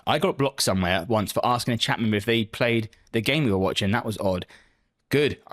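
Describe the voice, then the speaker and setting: A man's voice: lowish voice, fairly quick, fairly bright tone. Chatty, foul-mouthed male streamer. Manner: chatty, swears freely, joking banter. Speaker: live streamer. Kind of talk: casual live-stream chat, answering viewers.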